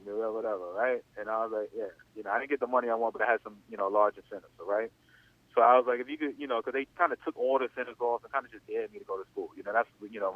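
A man's voice: mid-range voice, no room sound. A man in his thirties, an interview guest telling a long story in a loose, rambling way full of "you know.". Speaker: interview guest, former athlete. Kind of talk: casual spoken storytelling. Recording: dry, tinny phone-line sound.

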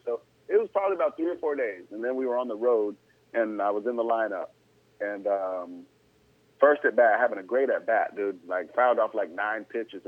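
A man spins a casual story full of slang and easy asides, getting animated when something sounds unbelievable. His voice is dry and narrow-band, thin like a phone call. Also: fairly low pitch, no echo. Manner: laid-back, slangy, animated when incredulous. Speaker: former pro baseball player, guest.

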